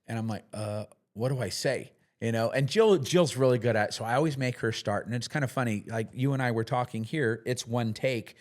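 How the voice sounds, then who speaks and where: A man's voice: mid-range voice, fairly quick, hardly any pauses. A middle-aged man talking casually as a podcast guest, plain-spoken, with lots of fillers and restarts. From United States. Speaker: podcast guest, business owner. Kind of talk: casual interview talk.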